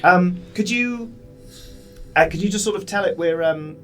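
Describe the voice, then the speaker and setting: A man's voice: high voice, normal speed, soft background music, voice pushed up, lightly acted. A man voicing a nervous young woman who pilots a boat, stammering and hesitant.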